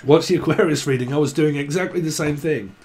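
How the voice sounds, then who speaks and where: A man with a slightly higher-than-usual voice gives a loose, chatty tarot reading straight to camera. He rambles from one thought to the next, laughs often and breaks into bits of song. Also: fast, a little mellow. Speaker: tarot reader.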